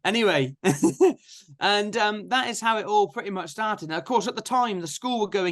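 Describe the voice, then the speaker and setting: A man's voice: high-pitched, moderate pace. Chatty young guy telling stories. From England. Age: 20s. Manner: chatty, energetic anecdotes with frequent "so therefore". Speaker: guest farmer. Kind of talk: casual storytelling interview.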